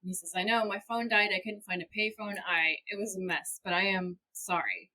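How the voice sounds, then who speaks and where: A mid-range, fairly quick female voice with a bright, forceful tone comes over a low-quality recording. She's a young podcast co-host chatting casually through a recap, animatedly retelling scenes and voicing the characters herself.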